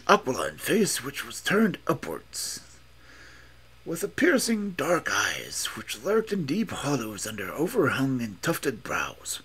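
A man's voice: medium pitch, fairly bright tone, breathy edge. A man reading a classic story aloud with dramatic, emphatic narration. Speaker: audiobook reader.

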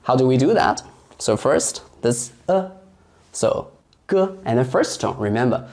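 Casting: unhurried male tutor who explains patiently and demonstrates tones. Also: mid-range voice, lively intonation, darkish tone. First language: Mandarin Chinese. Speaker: Mandarin teacher. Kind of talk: online language lesson.

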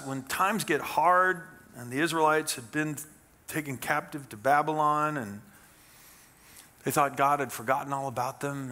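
A man's voice: medium pitch, bright, forceful tone. A middle-aged man from Kansas preaching a sermon as pastor, in a conversational, folksy way with wry jokes. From Kansas, USA. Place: church sanctuary.

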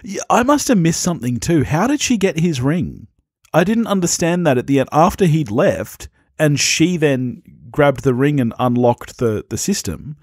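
A man co-hosting a podcast, giving blunt, animated opinions on a film and laughing easily. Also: fairly high pitch, normal speed, no room sound, clean studio sound. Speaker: podcast co-host. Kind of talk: casual film review chat.

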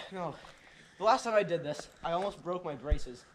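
A man's voice: a little high, lively intonation, moderate pace, a little hiss or hum, rough recording. A young man hosting a joking outdoor vlog in the snow, playful and self-mocking. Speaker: vlog host.

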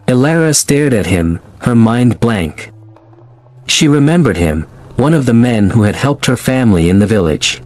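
Male horror narrator, mid-pitched, measured and dramatic, soft music underneath. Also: lively intonation, no echo. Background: faint music.

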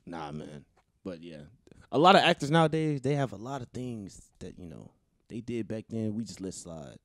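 A male podcast co-host chatting in slang, calling friends bro and agreeing readily. His pitch rises and falls in an animated way. The sound is dry and close. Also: normal speed, no echo. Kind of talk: casual chat.

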